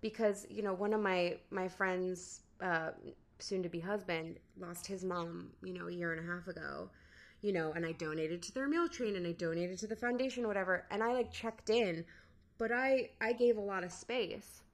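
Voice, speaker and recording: A woman speaking as a guest in a podcast interview, reflective and candid, often pausing and restarting. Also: on the low side. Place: in-person studio interview.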